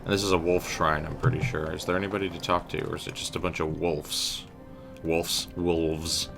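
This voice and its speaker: A man's voice: low voice, level tone, fast, gravelly, music in the background. A young man casually commenting while playing a game, chatting with viewers and joking. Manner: chatty, addresses chat as guys, slangy. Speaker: game streamer. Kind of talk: casual let's-play commentary.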